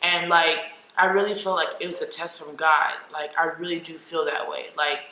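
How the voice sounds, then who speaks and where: A woman's voice: on the low side, pushed and bright. A young adult woman vlogger telling a personal story candidly and emotionally, with lots of "like" fillers. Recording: echoey room with faint noise.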